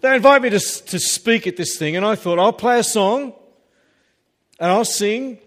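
Pastor, male, emphatic sermon voice with jokey asides, pitched a bit high, long hall reverb. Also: normal speed, a bit bright. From Australia. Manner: emphatic preaching with humorous asides. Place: church hall.

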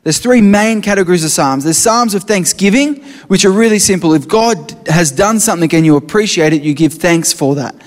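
A high-pitched man preaching a sermon, earnest as he reads scripture aloud. His voice rings with the long reverb of a big hall. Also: fairly quick, few pauses.

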